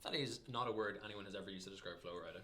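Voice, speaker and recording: A man's voice: deep voice, racing, bright, forceful tone. A young Irish man hosting a live stream, reading out audience questions with dry jokes. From Ireland. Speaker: livestream host. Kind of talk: casual livestream chat.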